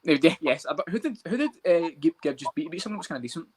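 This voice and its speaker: A man co-hosting a casual podcast chat about fights, talking fast, swearing and laughing a lot. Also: on the high side, lively intonation, breathy edge. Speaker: podcast co-host.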